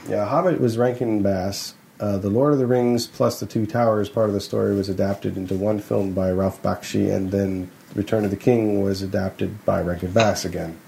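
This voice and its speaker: A man's voice: fairly low pitch, steady tone, normal speed, vocal fry, few pauses, dark tone, a little hiss or hum. A man co-hosting a podcast in casual chat, rambling and correcting himself. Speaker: podcast co-host.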